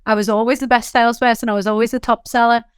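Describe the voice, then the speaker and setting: Energetic Liverpudlian businesswoman, smooth dry voice. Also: on the high side, no echo. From England. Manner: animated, quick storytelling with frequent fillers. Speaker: company founder, guest. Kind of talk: candid interview talk.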